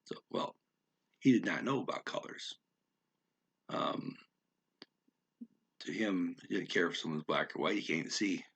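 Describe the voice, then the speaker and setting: A man explaining words of a story in an unscripted lesson, thinking aloud with many fillers and repeating words slowly to practice how they sound. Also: low-pitched, fairly bright tone, husky. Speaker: language learner explaining vocabulary.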